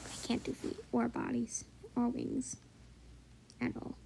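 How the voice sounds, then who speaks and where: High, gravelly woman narrating her drawing. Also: completely flat delivery, measured pace, slight background noise, low-quality recording. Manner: hesitant, many fillers, often drops to a soft whisper. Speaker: drawing channel host. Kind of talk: casual narration over drawing.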